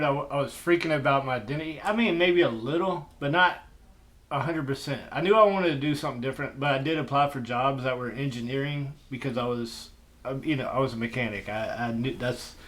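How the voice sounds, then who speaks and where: A man's voice: mid-range voice, fairly bright tone. A retired military veteran man talking frankly and plainly on a podcast. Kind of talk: podcast conversation.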